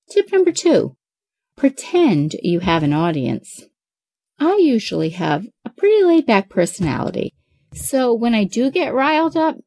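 A woman's voice: mid-range voice, darkish tone, no room sound, studio quality. A woman in her forties, a mother of eight hosting a parenting show, reading advice in an upbeat, chatty way. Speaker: parenting podcast host.

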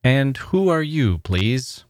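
A man voicing a gentle, attentive father who speaks in a coaxing way. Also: medium pitch, sing-song, takes it slowly, dry recording, clean studio sound, pitched above the performer's own voice.

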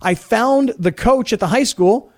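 Middle-aged male radio host, high voice, indignant storyteller. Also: measured pace. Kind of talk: sports radio talk.

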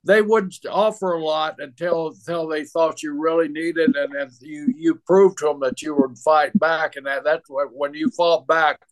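A man's voice: fairly high pitch, fairly even intonation, moderate pace, few pauses, low-quality recording. Chuckling man reflecting casually. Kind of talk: casual chat.

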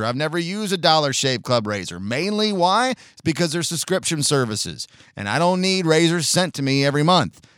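Man, sarcastic, blunt, opinion commentary, slightly high voice, dry recording. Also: no room sound. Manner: blunt, sarcastic, swears casually; halting restarts, mocks others with shouted put-on outrage.

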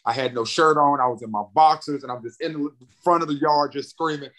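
A man's voice: on the high side, a little fast. A young man from North Carolina telling a story as a podcast guest, acting out the voices in it and often repeating words. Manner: animated, acts out quoted voices, repeats words. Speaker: guest, radio and TV personality. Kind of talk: excited storytelling in a podcast chat.

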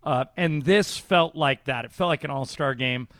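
A man who is a play-by-play broadcaster, chatting on sports radio in a relaxed, storytelling way. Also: mid-range voice, moderate pace, no room sound. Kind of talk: casual sports radio talk.

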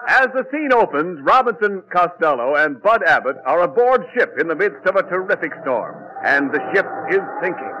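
A man's voice: high voice, sing-song, moderate pace, few pauses, bright, forceful tone, highs cut off, a little hiss or hum. A man announcer setting the scene in 1940s radio announcing style. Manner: dramatic announcer delivery.

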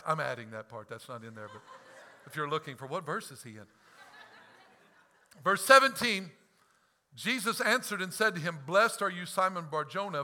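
Fervent high-voiced male preacher. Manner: impassioned preaching, swings between loud and hushed; acts out quoted lines with laughs. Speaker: pastor. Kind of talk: sermon.

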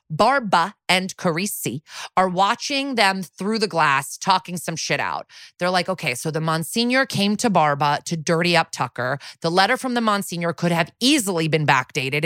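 A woman's voice: fairly low pitch, no room sound, studio quality. A woman co-hosting a podcast, chatting her way through a TV episode recap and acting out the characters' lines as she goes. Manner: chatty, animated, acts out characters' lines while retelling. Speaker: podcast co-host.

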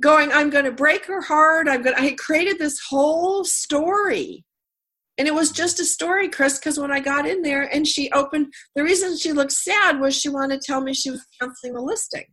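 A middle-aged woman hosts a radio talk show while nursing a slight cold. She tells stories in a chatty way and laughs often. Her voice sits a little higher than most women's. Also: moderate pace, fairly bright tone. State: has a cold. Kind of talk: casual interview chat.

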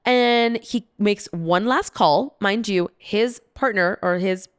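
A woman's voice: medium pitch, takes it slowly, clear, resonant tone, no echo, studio quality. A young adult woman hosting a podcast, telling a travel story in a chatty way, with lots of "like" fillers, frequent laughs and some swearing. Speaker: podcast host. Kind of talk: casual storytelling monologue.

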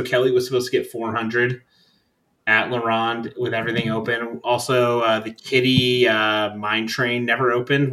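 Casting note: young male podcast host, mid-pitched, loose and rambling, swears casually. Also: bright, forceful tone, poor audio. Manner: rambling, profane, laid-back storytelling with frequent fillers. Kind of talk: casual chat.

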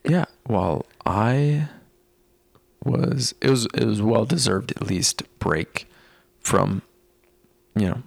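A man's voice: fairly low pitch, expressive, takes it slowly, gravelly, pauses often, dry recording. A man co-hosting a casual chat, cutting in with short, dry, teasing remarks.

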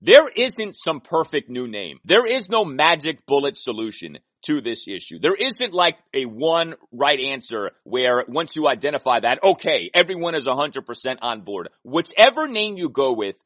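A man's voice: mid-range voice, sing-song, moderate pace, few pauses, a bit bright, dry recording. A man hosting a sports podcast, delivering an opinionated monologue and hammering his points home by repeating them. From Washington DC area. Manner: emphatic, repeats points for emphasis. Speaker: podcast host.

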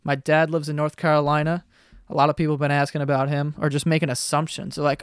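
A man's voice: on the high side, level tone, fast talker, clean tone, no echo, clean studio sound. Profane rambling young man podcasting. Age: 20s. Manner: rambling, profane, self-deprecating. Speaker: podcast host. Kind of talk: casual solo podcast chat. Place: basement bedroom at home. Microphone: podcast microphone.

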